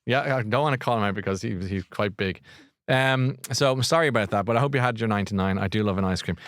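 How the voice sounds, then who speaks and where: A man's voice: lowish voice, fast talker, fairly bright tone, no room sound, clean studio sound. A middle-aged Irish man hosting a live podcast, rambling in a chatty, easygoing way and laughing often. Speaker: podcast host. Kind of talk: casual live chat.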